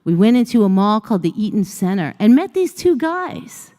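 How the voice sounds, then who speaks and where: On a conference stage in a large hall, a woman motivational speaker gives a storytelling keynote, recounting a personal story and acting out the dialogue in shifting voices. Her voice is medium-pitched and dark, with a sing-song lilt at a moderate pace, and long hall reverb fills the recording.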